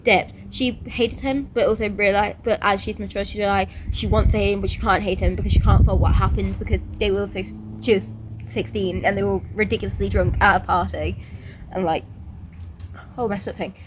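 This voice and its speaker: A woman's voice: mid-range voice, steady tone, a little fast. Woman, chatty, gushing, outdoor recording, passing traffic behind. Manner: chatty, gushing, fills speech with "like". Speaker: book vlogger. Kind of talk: casual chat.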